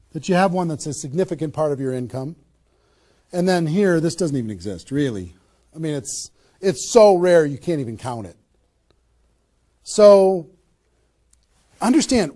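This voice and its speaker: Man, high-pitched trainer voice, punchy motivational delivery, rhetorical questions, live room talk. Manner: energetic, emphatic, asks rhetorical questions. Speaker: network marketing trainer. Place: room with a small live audience.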